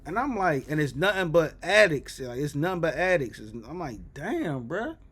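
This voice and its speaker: A man telling a story in casual chat, animated and jumping into loud, high exclamations. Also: fairly quick, husky. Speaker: reaction streamer.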